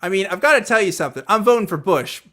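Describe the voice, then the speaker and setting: A man's voice: sits high, expressive, quick pace, pushed and bright. A man co-hosting a casual podcast who reads a transcript aloud and mocks it with profanity and laughter. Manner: profane, mocking, laughs between lines. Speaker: podcast co-host.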